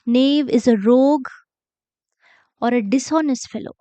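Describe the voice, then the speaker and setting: A woman teaching a literature lesson, explaining slowly, repeating key words and checking that students follow along. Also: high voice, warm tone, no room sound. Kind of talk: classroom explanation for exam revision.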